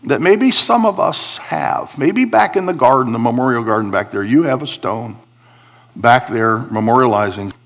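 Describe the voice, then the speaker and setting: A man preaching a sermon, swinging between emphatic high points and a quiet confiding tone as he explains Hebrew words from scripture. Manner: animated preaching, rising for emphasis, dropping to a confiding hush. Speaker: pastor.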